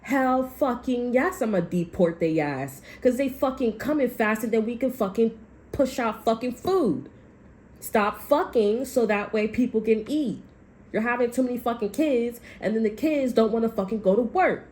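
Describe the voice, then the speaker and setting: A woman's voice: on the high side, moderate pace, a little mellow. Blunt, profane woman tarot reader. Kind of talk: casual tarot reading monologue.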